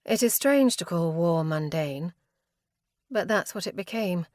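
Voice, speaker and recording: A woman's voice: lowish voice, lively intonation, a little slow, darkish tone, no echo, studio quality. Woman narrating a tense fantasy audiobook. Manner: tense, dramatic delivery. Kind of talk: scripted first-person fantasy narration.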